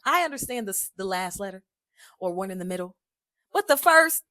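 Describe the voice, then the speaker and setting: In a casual language-learning vlog, a young adult woman chats animatedly, laughing often and dropping into quick put-on voices when quoting others. Her voice is on the high side, and the recording is dry.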